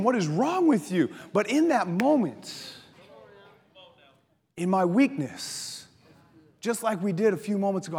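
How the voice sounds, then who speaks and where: A male pastor preaching a sermon, telling stories with laughter and dropping to a soft voice for prayers. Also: high-pitched, slightly rough. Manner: animated storytelling preacher, laughs often, drops to soft prayer voice. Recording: long hall reverb with faint music.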